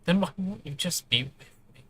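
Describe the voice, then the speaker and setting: A man's voice: high voice, lively intonation, brisk, a bit bright, pitched above the performer's own voice. A man voicing a hurt young woman who is crying, stammering and lashing out. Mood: pleading. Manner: trembling, stammering, then lashing out.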